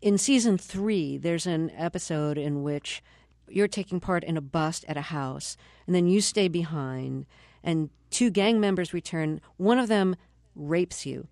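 An interview host introducing clips and asking a guest about their career, in a brisk way and laughing easily. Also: medium pitch, darkish tone, no room sound, studio quality. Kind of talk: radio-style interview.

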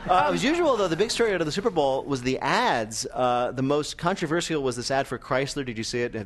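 A man's voice: on the high side, animated, fast talker. A man hosting a comic news quiz on stage, delivering jokes in a wry, teasing way. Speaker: quiz show host. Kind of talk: comic panel show hosting. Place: stage before a live audience. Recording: live audience and room noise.

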